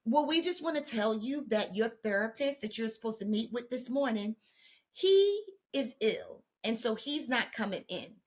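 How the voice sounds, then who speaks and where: A woman's voice: fairly high pitch, animated, moderate pace. Woman host as a polite, matter-of-fact receptionist cancelling an appointment. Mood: apologetic.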